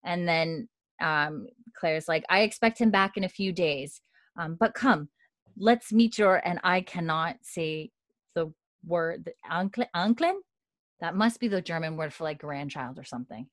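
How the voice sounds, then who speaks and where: A young woman casually recapping a TV episode, laughing often and slipping into quick voices for the characters. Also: lowish voice, no echo. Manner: animated, laughing, acts out characters' lines in quick put-on voices. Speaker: podcast host recapping a TV episode. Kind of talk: casual chat.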